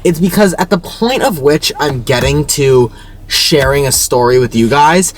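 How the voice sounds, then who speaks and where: A young man telling an exasperated, animated story in a casual, swearing way. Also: fairly high pitch, normal speed, low-quality recording. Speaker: storyteller in reacted video.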